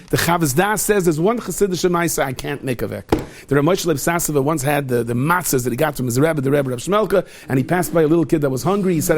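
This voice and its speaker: A man gives a storytelling sermon as a rabbi, acting out the people in his tales in high pleading voices and often repeating words as he goes. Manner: animated, swings into high pleading voices for quoted characters; repeats words and restarts when caught up in a story. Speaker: rabbi giving a holiday talk.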